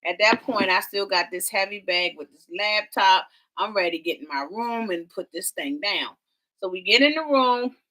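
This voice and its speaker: Female vlog co-host, dramatic storyteller, bright tone. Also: medium pitch, moderate pace. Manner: animated, dramatic storytelling with y'all and quoted voices. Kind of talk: casual travel storytelling.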